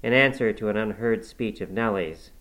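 A man narrating a classic novel in the first person, in a measured, even storytelling manner. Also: lowish voice, poor audio. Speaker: audiobook narrator.

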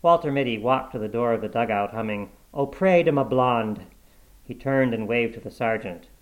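A man narrating a short story aloud in a steady, measured storybook reading. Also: medium pitch, muffled recording.

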